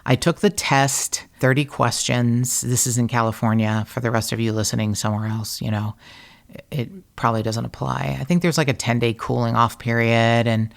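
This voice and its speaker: Gravelly-voiced woman telling a story. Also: rumbling low, normal speed. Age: middle-aged. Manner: animated, profane, self-mocking storytelling. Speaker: podcast host. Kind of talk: casual storytelling monologue.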